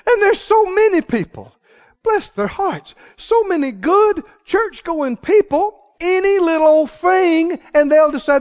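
A man preaching a sermon who rises into shouts and calls out questions to the congregation. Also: very high-pitched, animated, a little slow, muffled recording.

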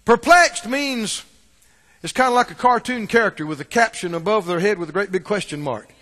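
Male preacher, folksy and animated, swooping lively pitch, long hall echo. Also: fairly quick. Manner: animated, folksy, chuckling asides. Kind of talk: sermon.

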